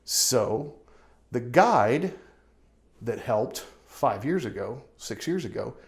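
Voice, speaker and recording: A man's voice: mid-range voice, expressive, slow pace, gravelly. A male realtor gives a weekly market update as a story, talking casually and often checking in with "right?". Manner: conversational, keeps asking "right?".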